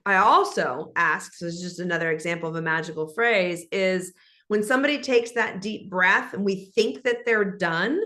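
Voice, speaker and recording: A woman guest in an interview, speaking in an animated, instructive way and acting out example conversations. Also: fairly low pitch, moderate pace.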